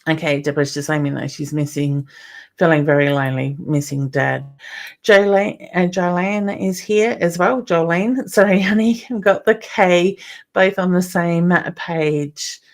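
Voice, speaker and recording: A woman's voice: fairly low pitch, a little slow. Chatty Australian woman hosting a live stream. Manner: chatty, greets viewers by name, calls them honey. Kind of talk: live-stream chat reading viewer comments.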